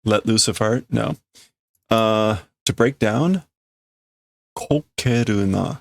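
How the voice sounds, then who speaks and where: A man's voice: on the low side, slow pace, gravelly, no room sound. A man casually reading and translating aloud, thinking over word meanings as he goes. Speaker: streamer reading manga aloud.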